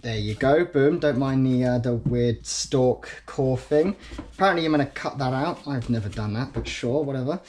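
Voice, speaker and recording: A young man chats his way through a recipe in his home kitchen, mocking himself as he goes. His voice sits at an ordinary middle pitch. A faint hiss runs under the recording. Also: normal speed, darkish tone. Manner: chatty, self-mocking, talks to himself. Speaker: vlogger. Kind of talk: casual cooking vlog. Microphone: head-mounted action camera.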